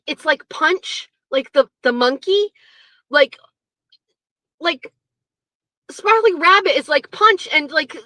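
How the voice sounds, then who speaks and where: A woman's voice: sits high, pushed and bright, dry recording, low-quality recording. A young adult woman hosting a casual talk show, rambling and profane, laughing often and slipping into mocking voices. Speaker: show host. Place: home studio.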